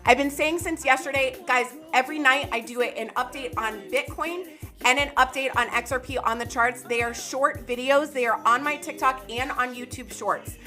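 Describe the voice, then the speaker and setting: A woman's voice, high-pitched and sharp, rings out with excitable energy. She hosts a live chart analysis stream, talking loudly and calling out to viewers by name, with faint music running underneath. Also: normal speed. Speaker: crypto market streamer.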